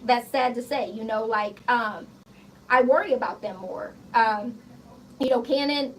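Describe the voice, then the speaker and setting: A woman in her thirties, a guest on a radio show, telling stories in a blunt, profane, animated way. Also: a little high, unhurried. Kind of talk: casual interview chat. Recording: slightly distant mic with faint background noise.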